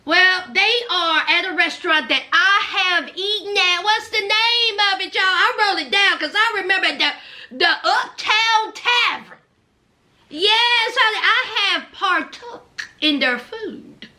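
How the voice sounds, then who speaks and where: A woman's voice: very high voice, a little slow, pushed and bright. A woman recapping a reality show for her channel, chatty and sassy, calling her viewers honey and child. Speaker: recap vlogger.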